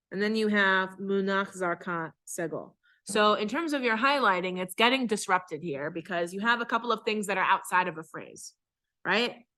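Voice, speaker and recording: Bright-voiced woman cantor teaching chant. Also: medium pitch. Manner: explains patiently, then chants phrases slowly. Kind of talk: class instruction with chanted examples. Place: synagogue class.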